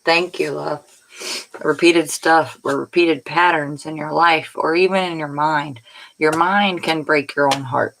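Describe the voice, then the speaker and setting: A woman's voice: sits low, fairly even intonation, measured pace, vocal fry, fairly bright tone, slight background noise, rough recording. A woman tarot reader giving a casual, rambling spiritual pep talk in a colloquial way, sounding tired. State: tired, yawning.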